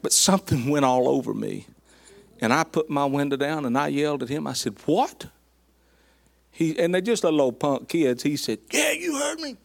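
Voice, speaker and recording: Gravelly preacher telling stories. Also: male voice, mid-range voice, fairly quick, dry recording. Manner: folksy, animated storyteller with southern address. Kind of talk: storytelling sermon.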